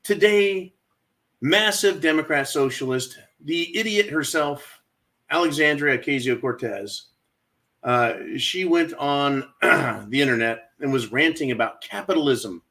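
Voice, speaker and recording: This man's voice is a little high, bright, and forceful, and he takes his time. On his own channel he rants sarcastically about politics, mocking freely while addressing "folks" and asking "right?"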